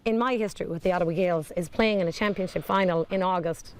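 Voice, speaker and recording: A woman's voice: lowish voice, quick pace. A woman, a club player, speaking in an interview in a heartfelt, emphatic way.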